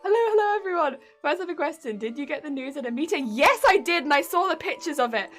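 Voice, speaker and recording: A woman's voice: high voice, animated, quick pace, fairly bright tone, soft background music. A young British woman streaming from home, chatting casually with her viewers in a giggly, talkative way. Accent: British English. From England. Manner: giggly and chatty, reacting to chat. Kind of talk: casual live-stream chat.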